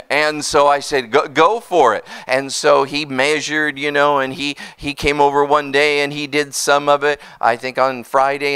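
A man preaching a sermon as pastor, telling stories with lively call-outs to the congregation. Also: a little high, smooth. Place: church.

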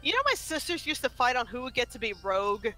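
A woman's voice: on the high side, very animated, quick pace, sharp tone, soft background music. A woman co-hosting a game stream, chatting casually and giggling as she talks. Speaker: co-host. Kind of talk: casual gameplay chat.

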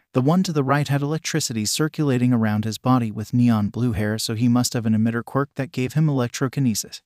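A man's voice: medium pitch, darkish tone, no room sound. Man narrating a story in a dry voice. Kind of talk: scripted narration of fan fiction.

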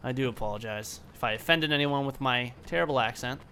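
A man's voice: medium pitch, fast talker, sharp tone, slight background noise. A man casually commenting on his own gameplay, rambling, self-mocking and swearing freely. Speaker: let's play host.

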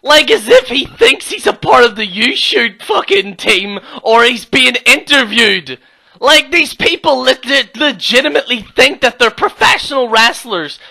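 A young Irish man, a wrestling YouTuber, ranting and mocking another channel in a profane, excitable reaction video. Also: very high voice, creaky. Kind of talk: reaction rant.

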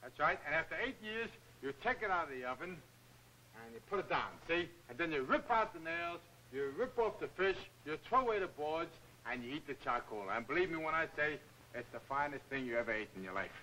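Goofy boxer rambling nonsense real fast, 1940s movie comedy. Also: male voice, fairly high pitch, expressive, bright, forceful tone, a little hiss or hum, low-quality recording. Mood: earnest. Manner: slangy, earnest nonsense talk. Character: dim-witted cheerful male boxer, rambling nonsense. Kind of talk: 1940s film comedy acting.

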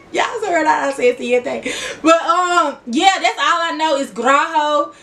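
A woman's voice: high-pitched, slow pace, sharp tone, far from the mic. A young woman with a Memphis accent chatting casually to her viewers, giggly and talkative. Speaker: vlogger. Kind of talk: casual get-to-know-me chat.

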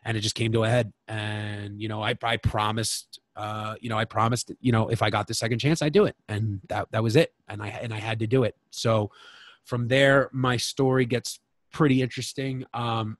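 A man's voice: on the low side, steady tone, moderate pace, no echo. A man as a podcast guest, telling a candid personal story in a frank, emotional way and swearing freely.

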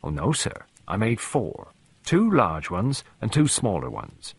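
A man voicing a chatty, old-fashioned female cook who rambles fondly about the old ways, in a husky voice. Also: lowish voice, wildly swooping pitch, unhurried, dry recording, exaggerated voice.

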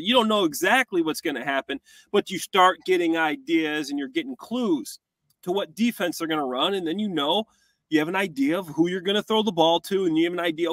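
Male co-host, former player, high-pitched, animated and casual, dry close mic. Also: no room sound. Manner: animated, acts out plays in quoted voices. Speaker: co-host, former tight end. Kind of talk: casual football breakdown chat.

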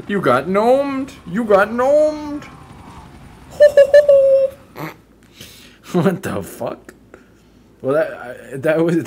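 A man's voice: medium pitch, a little mellow, a little hiss or hum. A man giving casual gameplay commentary, sarcastic and mock-polite, swearing often as he plays. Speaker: gaming YouTuber.

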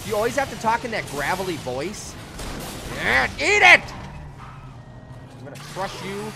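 A young man with a high, springy voice gives goofy commentary over a video game, yelling and laughing as he plays. His pitch leaps all over the place. Loud game music and engine noise play behind him. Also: sing-song, fast talker. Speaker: gaming channel host. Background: video game music and vehicle sounds.

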